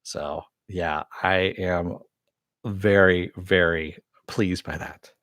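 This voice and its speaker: Low-voiced man recapping a TV episode. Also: steady tone, extremely slow, fairly bright tone, no echo, clean studio sound. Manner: rambling, retells scenes loosely with fillers; swears freely. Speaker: TV show reviewer.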